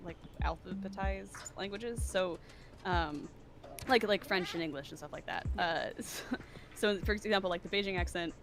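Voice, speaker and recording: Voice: mid-range voice, moderate pace, vocal fry. A co-host chatting on a game stream, explaining things in an informal, laughing way. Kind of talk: casual chat. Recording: music playing behind.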